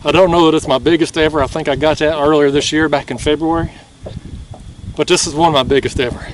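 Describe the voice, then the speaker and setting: A man, chatting excitedly in a fishing vlog from a kayak on open water at night, laughing often and out of breath. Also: fairly high pitch, fast talker, distant mic, slight background noise. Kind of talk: casual vlog narration.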